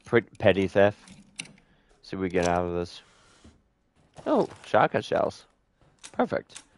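A young man giving casual let's-play commentary, joking, swearing a lot and letting out sudden loud whoops. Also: deep voice, sing-song, unhurried, a little hiss or hum. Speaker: gameplay streamer.

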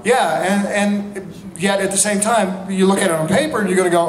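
An energetic, animated man from North Carolina, fielding fan questions on a convention stage with a fairly high voice. He talks into a handheld mic, and the big hall rings around him with a faint hiss underneath. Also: fairly quick. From North Carolina, USA. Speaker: convention panel guest. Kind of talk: lively convention Q&A. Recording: echoey hall with faint noise.

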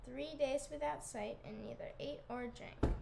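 A woman with a slightly higher voice reads a scripture passage aloud. She keeps the reading steady and measured. A faint hiss of noise sits behind her voice. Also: gravelly.

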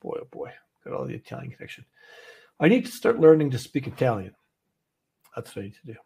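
A man's voice: mid-range voice, big pitch swings, quick pace, creaky, mellow, breathy edge. A man from Canada hosting a casual trading livestream from an office, chatty and easygoing as he walks through charts. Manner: chatty, easygoing, laughs often.

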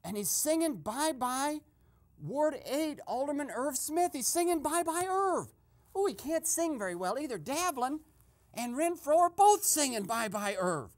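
Hushed, gleeful comic male host. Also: very high-pitched, unhurried. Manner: hushed, gleeful play-by-play with sudden excited outbursts. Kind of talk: comic eavesdropping skit.

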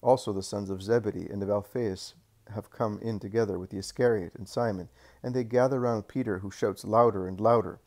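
A man reading a religious story aloud as narrator, steady with small self-corrections. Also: lowish voice, brisk.

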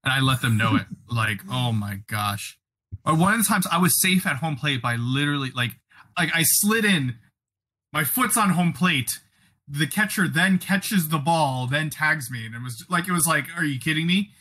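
A man co-hosting a podcast, telling a sports story in an animated, excitable way. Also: on the high side, moderate pace. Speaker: podcast co-host. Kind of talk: casual chat.

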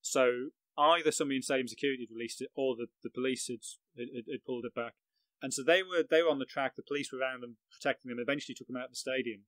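A man's voice: mid-range voice, racing, fairly bright tone, dry recording, low-quality recording. A middle-aged man from England recounting a match he covered as a journalist, vivid and self-mocking, laughing at his own story. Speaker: football journalist, guest. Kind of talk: anecdotal storytelling on a podcast.

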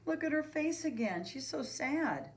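A woman who is a preschool teacher reads a picture book aloud to children, expressive and speaking to them directly. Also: high-pitched, unhurried.

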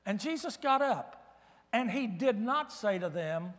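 Older guy preaching in a church, folksy funny stories, highish voice, big echoey sanctuary. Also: measured pace. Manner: folksy storytelling with humor. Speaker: guest preacher. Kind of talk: sermon.

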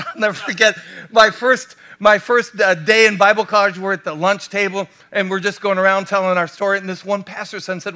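Bright high-voiced American male pastor. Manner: animated, rhetorical questions to the congregation. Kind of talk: sermon.

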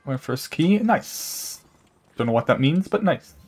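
A man's voice: a little slow, soft background music. A young man chatting casually with his chat while he plays a game, rambling, saying "like" a lot and laughing often. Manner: animated pitch jumps, laughs often. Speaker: streamer. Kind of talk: casual live-stream chat while gaming.

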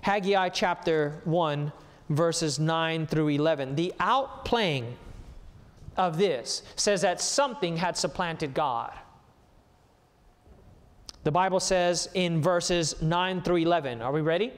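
A high-voiced male pastor preaches with emphasis, climbing into a raised voice when he reads scripture aloud. His words ring out with a long reverb through the church sanctuary of a livestreamed sermon. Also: slow, clean tone.

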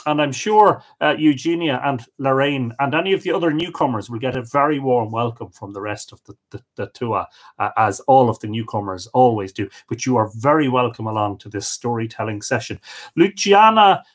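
A man's voice: medium pitch, animated, fairly quick. An Irish man hosting a live stream, reading out viewer comments and greeting each person, sometimes stumbling over unfamiliar names. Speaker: host of a live storytelling stream.

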